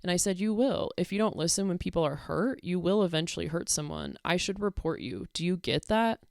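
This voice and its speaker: A young woman with a lowish, smooth, clear voice talks through an online argument. Her tone is exasperated and sarcastic. The recording is close and dry. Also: big pitch swings, fairly quick, darkish tone, no room sound. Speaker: commentary creator. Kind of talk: casual commentary reading messages.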